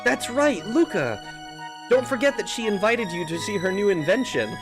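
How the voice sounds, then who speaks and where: A man's voice: sits high, lively intonation, normal speed, voice pushed up. A fussy middle-aged mother, put on by a man, scolds her son in a raised, singsong voice. The delivery bounces up and down. Faint game music plays underneath. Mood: chatty.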